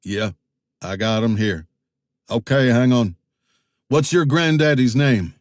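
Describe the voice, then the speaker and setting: A man voicing a menacing backwoods boatman with a shotgun in an audiobook, with slow rural threats. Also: medium pitch, no echo, clean studio sound, natural voice.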